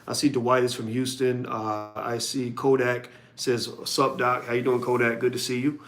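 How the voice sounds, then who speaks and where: A man's voice: mid-range voice, little pitch movement, normal speed. Man hosting a live podcast. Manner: conversational, reads viewer comments. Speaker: podcast host.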